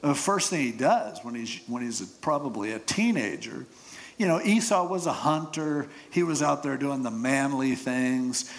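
A man's voice: medium pitch, expressive, unhurried. A man preaching, retelling scripture with casual humor and jokes. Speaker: pastor. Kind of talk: sermon.

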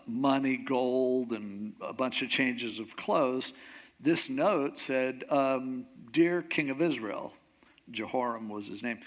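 A man's voice: medium pitch, fairly bright tone. A man preaching a sermon, retelling a scripture story in a casual, conversational way and acting out the characters' voices. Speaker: pastor.

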